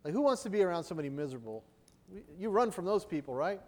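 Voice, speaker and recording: Middle-aged man, pastor, conversational sermon, high voice, long hall reverb. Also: very animated, quick pace, a little mellow. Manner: conversational preaching, often asking the listeners "right?".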